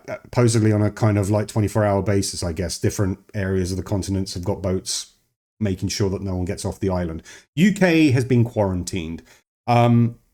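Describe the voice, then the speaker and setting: A man's voice: medium pitch, a little mellow. A man casually reviewing a film, rambling and digressing, often cutting himself off mid-sentence. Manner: rambling, digressive, self-interrupting. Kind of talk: casual chat.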